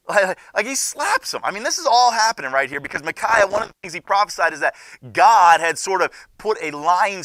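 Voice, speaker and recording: A young man teaching a junior high Bible class, retelling the story with lively asides and acting out what the characters say. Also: no room sound, studio quality.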